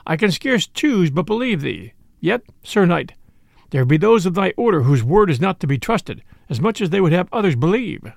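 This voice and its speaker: A man's voice: sits high, big pitch swings, moderate pace, creaky, no room sound, clean studio sound, exaggerated voice. Robin Hood, a jolly outlaw, as a man reads him. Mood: merry. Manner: archaic, courtly old-fashioned speech. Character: jolly bold male outlaw leader, merry and shrewd.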